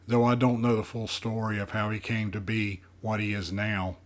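A man voicing a powerful, cold sorcerer father in an audiobook, measured and formal. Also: fairly low pitch, little pitch movement, natural voice. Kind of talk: audiobook character voice.

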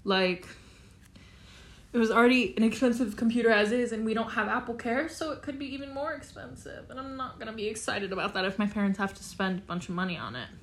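A woman's voice: a little high, fast. A teenage girl hosting a casual solo chat, talking freely with lots of fillers and frequent swearing. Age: teens. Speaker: podcast host.

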